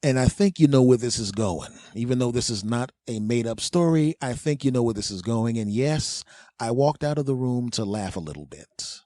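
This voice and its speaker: Brief: male podcast host spinning a rambling comic yarn, mellow voice, dry close recording. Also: mid-range voice, animated, moderate pace, no echo. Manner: rambling, acts out quotes in exaggerated voices. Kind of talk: comedic storytelling monologue.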